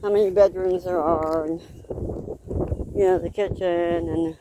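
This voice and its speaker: A woman's voice: on the low side, steady tone, measured pace. A woman vlogger chatting casually and rambling while she walks outdoors in a park. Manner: rambling, chatty, laughs between remarks. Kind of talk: casual chat while walking. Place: outdoors in a park on a cold windy day. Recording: wind noise outdoors.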